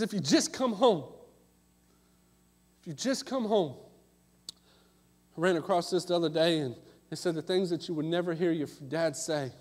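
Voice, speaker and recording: High-voiced preacher in a hall. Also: male voice. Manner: impassioned, swings between loud calls and hushed asides. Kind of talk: sermon. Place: church sanctuary. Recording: long hall reverb.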